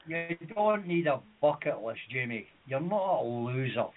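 A man's voice: medium pitch, animated, unhurried. A man co-hosting a talk radio show, dry and joking. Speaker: radio co-host. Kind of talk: casual talk radio banter. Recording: tinny phone-like audio.

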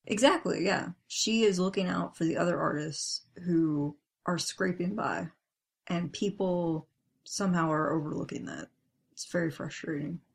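Low gravelly-voiced woman podcast co-host. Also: normal speed. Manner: reads tweets aloud, then comments with a laugh. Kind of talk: casual fan podcast chat.

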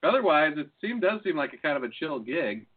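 Podcast guy swearing and laughing a lot, kinda high voice, tinny phone-line sound. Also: very animated, fairly quick, breathy edge. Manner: loose, swearing, laughing often. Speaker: podcast co-host. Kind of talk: casual profane chat.

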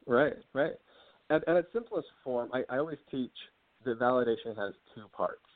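A man's voice: medium pitch, no echo. A man, an author, explaining his ideas as an interview guest in an earnest way and laughing easily. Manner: earnest, quick to laugh, acts out example dialogue. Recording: dry, tinny phone-like line.

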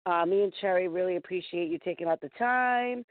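A woman's voice: on the low side, a little fast, dry recording. Joking woman host on a tinny line. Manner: joking, teasing, thanks the guest. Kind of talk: casual podcast hosting. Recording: tinny phone-like line, dry.

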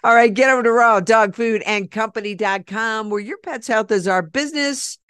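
A woman hosting a podcast in casual chat, talkative and retelling what others said with animated quoting. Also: a little high, normal speed, smooth, no echo, studio quality. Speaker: podcast host.

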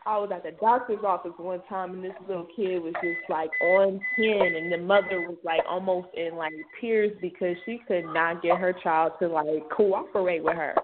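A woman's voice: on the low side, fairly even intonation, normal speed, hardly any pauses. A woman co-hosting a podcast, telling slangy stories in casual chat. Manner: slangy, laughing storyteller. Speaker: podcast co-host. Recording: tinny phone-like line with faint noise.

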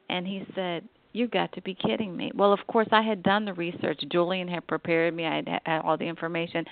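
A middle-aged woman tells her family story with a gravelly edge to her voice. She talks conversationally and acts out the people she quotes. The sound is tinny and dry, like a phone line. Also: lowish voice, dry recording. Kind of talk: personal storytelling.

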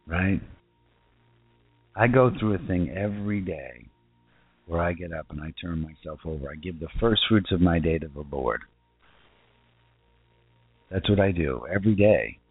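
A man preaching an informal sermon in earnest, asking rhetorical questions and repeating himself, and reading scripture slowly. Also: low voice, expressive, breathy edge, dry recording. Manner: slow deliberate scripture reading. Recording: tinny phone-like sound with faint music.

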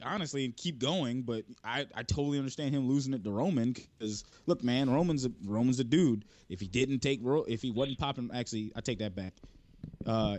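A man talks wrestling in a loose, profane, animated way, full of jokes. His voice sits at a middling pitch. The sound is dry and close. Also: dry recording. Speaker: wrestling podcast panelist. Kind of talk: casual chat.

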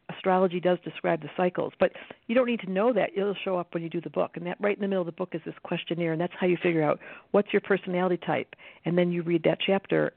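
A woman's voice: on the low side, gravelly, no room sound. A woman guest, an astrologer and author, explaining things in a confident, teasing way in casual conversation. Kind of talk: casual interview talk. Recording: tinny phone line.

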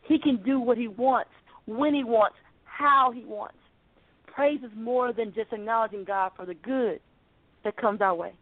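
A woman's voice: fairly high pitch, unhurried, no echo. A woman preaching a sermon over a phone call, fervent and rhythmic, repeating her phrases. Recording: tinny phone line.

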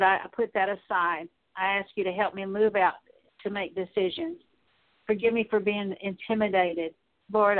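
Woman, Bible teacher, halting prayer with fillers, average pitch, phone-like sound. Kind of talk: leading a spoken prayer. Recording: tinny phone-like audio.

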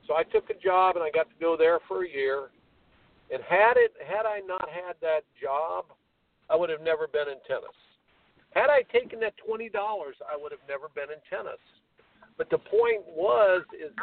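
A man in his seventies, a tennis coach, telling a lively story on a radio talk show and acting out the quoted voices. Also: high voice. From American Midwest. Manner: animated storyteller, acts out quoted voices, laughs. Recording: tinny phone line, distant.

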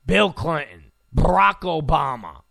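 A man's voice: fairly high pitch, lively intonation, unhurried, vocal fry, a bit bright, dry recording, studio quality. A man delivering a sarcastic, mocking political rant in blunt, casual commentary.

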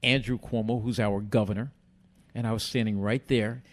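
A man's voice: fairly low pitch, normal speed. Older New man telling stories. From United States. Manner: animated storyteller who acts out quoted dialogue. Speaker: guest, former boxing commissioner. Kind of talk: casual storytelling on a podcast.

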